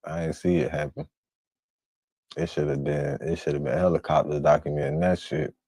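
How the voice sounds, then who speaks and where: A man's voice: very deep voice, flat delivery, normal speed, mellow, breathy edge, no room sound. A man streaming a reaction video, talking bluntly in slang and swearing freely as he comments. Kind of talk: casual profane commentary.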